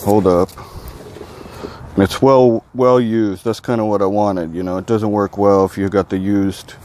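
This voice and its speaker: A man in a casual vlog, talking in a rambling, excitable way and often saying dude. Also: lowish voice, a little slow. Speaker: vlogger.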